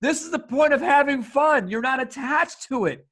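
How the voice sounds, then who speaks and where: A male podcast host talking in a casual, excitable way, swearing often and laughing. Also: very high voice, moderate pace.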